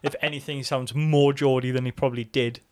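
A man co-hosting a podcast in casual chat, animated, swearing freely and laughing often. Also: medium pitch, fast. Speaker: podcast co-host.

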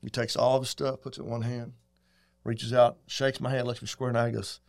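A man's voice: mid-range voice, brisk, gravelly. Middle-aged guy, folksy storyteller, acts out what people said. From Texas. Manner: folksy, animated, acts out quotes. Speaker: guest. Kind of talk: casual storytelling.

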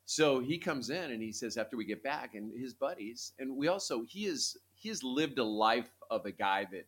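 A middle-aged man co-hosting a casual chat, telling family stories in an animated way and often restarting his sentences. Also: medium pitch, moderate pace, husky. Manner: animated, repeats himself when telling stories. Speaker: podcast co-host.

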